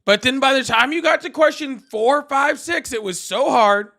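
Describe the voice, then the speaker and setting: Boastful rambling old president, a man putting it on, bright high voice, repeats himself. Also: moderate pace, creaky, exaggerated voice. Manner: bragging, repetitive, self-praising. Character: [impression of a] boastful rambling older male president.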